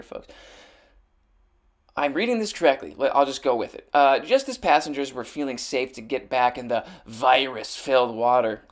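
Male show host, young adult, sarcastic rant, unscripted, stumbling restarts, mid-pitched voice. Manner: sarcastic, swearing, many restarts. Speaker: podcast host. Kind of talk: rambling comedic rant. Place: Los Angeles.

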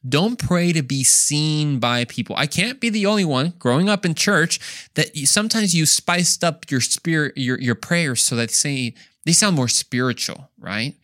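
A man's voice: a little high, moderate pace, a bit bright, no room sound, clean studio sound. A man hosting a Bible lesson podcast, earnest and emphatic, rising on key points and sometimes poking fun at himself. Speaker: Bible study podcast host.

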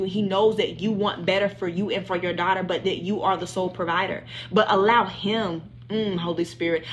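A woman's voice: mid-range voice, slight background noise. Impassioned woman leading a Bible study. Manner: impassioned, repetitive preaching with prayer. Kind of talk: livestream Bible study teaching.

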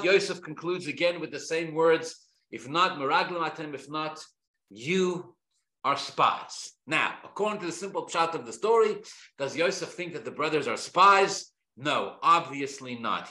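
Bright-voiced man teaching a Torah class. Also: fairly high pitch. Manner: reads Hebrew verses aloud, then translates and explains them; emphatic, repeats key phrases for effect. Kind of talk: Torah lesson. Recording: echoey room.

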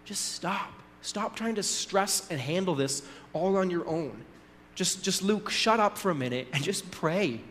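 A man's voice: high voice, animated, a little slow, fairly bright tone, slight background noise. A male pastor giving a conversational sermon, telling a story with casual asides and little acted voices. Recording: long hall reverb.

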